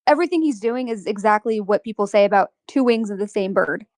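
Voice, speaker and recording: A woman's voice: mid-range voice, lively intonation, fast, darkish tone, no echo. A woman co-hosting a casual reaction chat, chatty and giggly. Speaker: co-host.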